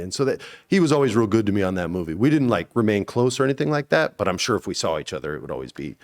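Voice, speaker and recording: Animated low-voiced man telling stories. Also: rapid-fire, few pauses. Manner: animated storyteller, acts out quotes with sudden high bursts. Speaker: actor, guest. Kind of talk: casual interview storytelling.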